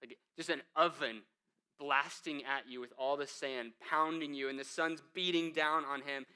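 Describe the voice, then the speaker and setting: A male pastor with a bright, forceful edge and a smooth, crisp voice. He preaches casually, tossing in asides to the congregation. His delivery moves between hushed, low passages and emphatic peaks. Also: steady tone, normal speed. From United States. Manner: conversational preaching with asides, "man" and "right?". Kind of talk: sermon.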